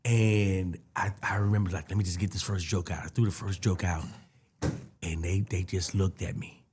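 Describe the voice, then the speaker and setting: A man in casual podcast storytelling, animated, acting out other people's voices as he tells it. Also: low-pitched, moderate pace, slightly rough. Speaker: comedian guest.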